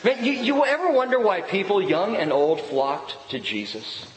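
Lively male pastor in an echoey hall. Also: sits high, moderate pace, noisy background. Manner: lively preaching with jokes and personal stories. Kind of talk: sermon.

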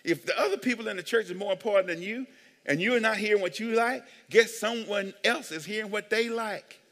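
Male pastor, high and bright, animated joking sermon delivery, long church reverb. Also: fairly quick. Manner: animated, joking, calls for amens. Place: church sanctuary.

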